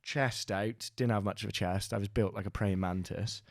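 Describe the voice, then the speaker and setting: A man's voice: fairly low pitch, steady tone, normal speed, no room sound, clean studio sound. A Welsh man hosting a podcast, telling a rambling, sweary, self-mocking story in casual chat. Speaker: podcast host.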